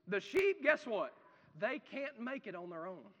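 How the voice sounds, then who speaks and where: A male pastor preaching a sermon, swinging from loud declarations to hushed, drawn-out phrases. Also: high voice, very animated. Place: church. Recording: long reverb of a church hall.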